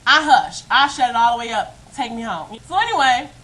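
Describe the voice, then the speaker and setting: A woman vlogger telling a story to her webcam in a casual, animated and emphatic way. She often breaks into laughter and speaks straight to her viewers. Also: fairly high pitch, a little fast, rough recording. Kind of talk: casual storytime monologue to camera.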